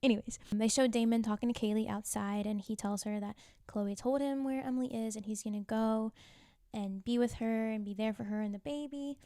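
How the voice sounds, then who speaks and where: A chatty woman retells a TV drama as a vlogger, giggling and tossing in asides. Her voice sits a bit high with a soft, mellow tone. The sound is dry and close, with no room around it. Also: steady tone, fairly quick, dry recording. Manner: gossipy, giggly, full of "like" and asides. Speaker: TV recap vlogger. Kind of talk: casual chatty recap.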